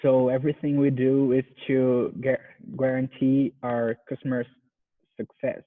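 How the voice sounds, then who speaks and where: Slow-speaking Brazilian man on a tinny line. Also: medium pitch, level tone. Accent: Brazilian Portuguese. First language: Portuguese. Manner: careful, deliberate repetition of words. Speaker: student. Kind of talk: language lesson practice. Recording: tinny phone-like video call.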